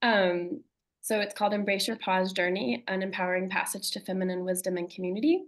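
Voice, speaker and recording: A woman presenting a retreat on a webinar video call, halting with many ums, her voice a little worn. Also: medium pitch, fairly even intonation, rough recording. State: losing her voice. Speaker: retreat co-facilitator.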